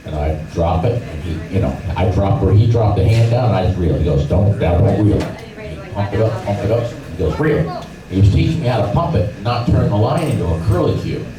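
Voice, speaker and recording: A man's voice: lowish voice, a little fast, crowd noise. A middle-aged man telling fishing stories at a club meeting, acting out voices and sounds as he goes. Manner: animated storyteller, acts out voices and sounds. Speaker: fishing guide giving a club talk. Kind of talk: storytelling seminar talk. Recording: echoey room from far off, noisy.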